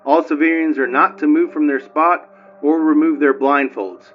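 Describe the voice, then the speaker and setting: A man voicing a male military radio operator, giving formal radio and loudspeaker orders. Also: on the high side, fairly even intonation, normal speed, lo-fi sound, soft background music, lightly acted. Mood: brisk.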